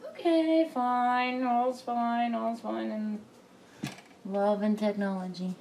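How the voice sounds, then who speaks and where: At home, a woman who vlogs about crafts fixes her computer while talking to herself, rambling and chuckling. Her voice sits at a medium pitch, slightly mellow and unhurried, with a faint hiss or hum in the recording.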